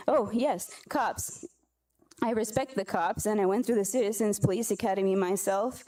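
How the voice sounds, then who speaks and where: A tearful woman giving an earnest, halting public comment at a council meeting, speaking into a podium microphone in a council chamber. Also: mid-range voice, warm tone.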